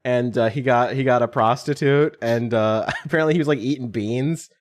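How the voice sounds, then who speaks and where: A man's voice: medium pitch, moderate pace. Rambling podcast host, a man. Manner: relaxed, rambling storytelling. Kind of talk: casual podcast chat.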